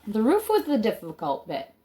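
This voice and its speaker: A woman's voice: a little high, wildly swooping pitch, moderate pace, warm tone. A woman reading a children's book aloud, stopping now and then to add chatty comments of her own. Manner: chatty asides between read passages.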